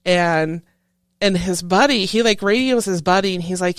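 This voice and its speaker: A woman, a retired Coast Guard chief petty officer, telling stories in a casual interview, lively and acting out other people's voices. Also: fairly low pitch, normal speed, clear, resonant tone, no echo. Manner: lively, animated storyteller who acts out quoted voices.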